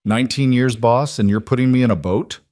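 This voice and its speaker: A man's voice: medium pitch, fairly quick, mellow, dry recording, clean studio sound, close to an everyday voice. A man voicing a loyal, hot-tempered henchman who speaks bluntly and pleads with his boss in an audiobook-style story. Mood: pleading. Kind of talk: audiobook character voice.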